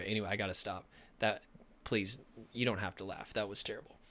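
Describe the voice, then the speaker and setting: A man's voice: lowish voice, fairly even intonation, fairly quick, fairly bright tone. A man coaching on trauma recovery, talking earnestly and emphatically to camera, often repeating himself. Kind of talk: motivational talk to camera.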